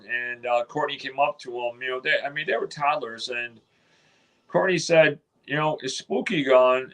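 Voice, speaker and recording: A man tells a long story in a casual interview. He rambles and restarts, quoting others in his own voice at a middle pitch. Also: fairly bright tone, low-quality recording. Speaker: interview guest.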